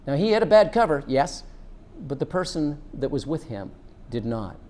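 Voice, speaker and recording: A man's voice: fairly high pitch, big pitch swings, darkish tone, a little hiss or hum. A middle-aged man, a former police officer, earnestly telling a personal story and drawing a lesson from it. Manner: earnest, unhurried, draws out a lesson.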